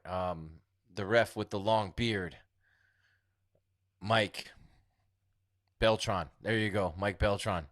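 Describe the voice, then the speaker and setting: A man's voice: deep voice, dry recording, studio quality. A man hosting a casual live stream, reading viewer comments and chatting about an upcoming fight. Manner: chatty, reads viewer comments aloud, trails off quietly. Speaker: livestream host reading chat.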